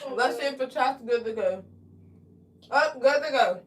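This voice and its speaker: A woman's voice: sits high, normal speed, breathy edge. A young woman hosting a casual braiding livestream, chatting loosely, greeting viewers in the chat and eating candy as she talks. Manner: chatty, greets viewers by name, eats candy while talking.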